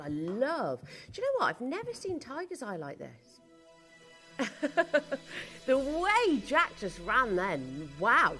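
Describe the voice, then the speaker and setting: A woman's voice: sits high, fairly bright tone. Gushing woman shopping host. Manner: gushing, chatty sales patter with frequent asides. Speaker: shopping channel presenter. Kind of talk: live TV sales presentation. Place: TV studio.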